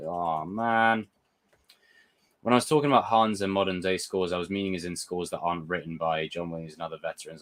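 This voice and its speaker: A young man hosting a live chat, excitable and swearing, answering viewer comments. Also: low voice. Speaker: livestream host reviewing a TV episode. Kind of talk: casual live reaction chat.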